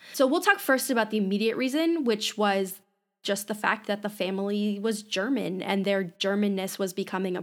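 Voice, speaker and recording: Woman podcast co-host, chatty history explainer, loose filler-heavy delivery. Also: medium pitch. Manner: explanatory, lively, many fillers like "you know" and "like". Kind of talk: casual history podcast chat.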